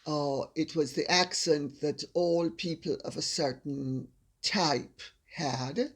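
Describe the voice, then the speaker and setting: Unhurried husky Jamaican woman. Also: sits low. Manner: measured, deliberate, assured. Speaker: host answering viewer questions. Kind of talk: casual chat.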